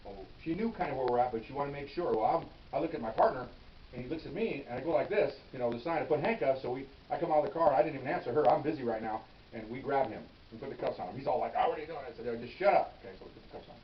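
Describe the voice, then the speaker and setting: A retired police officer, now an older man, rattles off a casual anecdote from his patrol years in a brisk, chatty manner, his voice sitting in the mid-range. He performs every bit of dialogue and keeps tossing in "okay?" as an aside. The recording sounds distant and roomy, dull and somewhat lo-fi, with a light hiss.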